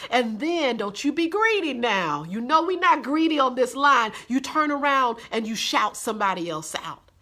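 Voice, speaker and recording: A woman's voice: high-pitched, big pitch swings, moderate pace, hardly any pauses, sharp tone. A woman hosting a weekly live devotional, preaching in a folksy, encouraging way, calling listeners honey and baby and repeating phrases for emphasis. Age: adult with a day job. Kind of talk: livestreamed encouraging sermon.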